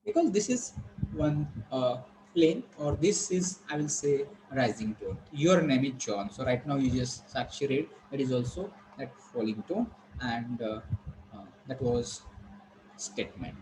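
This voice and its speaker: A man teaching a class, explaining slowly and repeating himself with frequent pauses. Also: medium pitch, animated, warm tone, a little hiss or hum, poor audio. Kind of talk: online classroom lecture.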